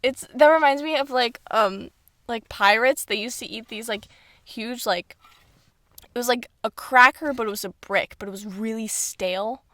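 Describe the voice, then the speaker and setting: A woman's voice: fairly high pitch, moderate pace, a bit bright, no room sound. A young woman co-hosting a podcast in casual, jokey chat, full of fillers and giggles. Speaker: podcast co-host.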